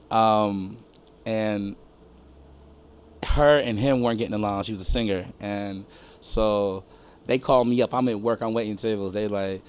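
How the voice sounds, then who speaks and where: A middle-aged man and music producer from St. Louis, telling stories in a casual interview, animated and swearing freely. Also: lowish voice, clear, resonant tone. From St. Louis, USA. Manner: animated storyteller who acts out quotes, swears freely.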